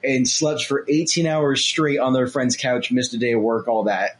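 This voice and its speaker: A man co-hosting a podcast in casual chat, easygoing, giving short reactions and relaxed anecdotes. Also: medium pitch, moderate pace, breathy edge. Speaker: podcast co-host.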